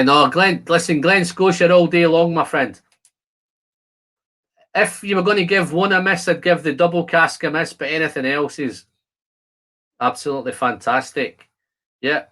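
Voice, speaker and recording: A whisky channel host runs a casual live stream, chatting with viewers, answering their comments and describing the aromas of the whisky he's tasting. His voice is fairly high-pitched with a sharp tone.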